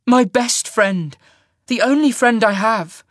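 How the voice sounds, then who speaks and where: A man's voice: high voice, lively intonation, normal speed, warm tone, husky, dry recording, clean studio sound, voice pushed up. A man doing a tearful young woman. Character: young woman ruler, desperate and pleading.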